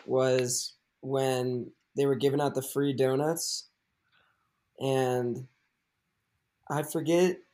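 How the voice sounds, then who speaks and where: A young man hosting a podcast, chatting casually with many fillers and acting out movie lines in funny voices. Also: medium pitch. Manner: animated, quotes movie lines in put-on voices; many fillers, laughs often. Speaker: podcast host. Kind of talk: casual chat.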